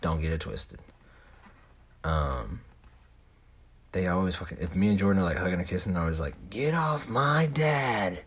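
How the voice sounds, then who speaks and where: A man's voice: deep voice, normal speed, pauses often, husky. A young man telling a rambling story in casual talk, slangy and full of swearing. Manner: heavy swearing, laid-back slangy rambling.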